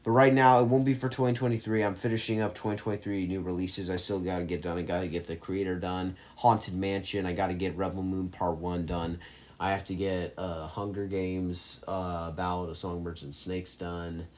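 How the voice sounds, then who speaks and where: A man casually ranking movies on his own channel, rambling with lots of fillers and restarts, getting louder and softer as his enthusiasm rises and fades. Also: low voice, flat delivery, normal speed. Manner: enthusiastic, swings loud and soft. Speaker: movie reviewer ranking films. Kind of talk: casual rambling tier-list vlog.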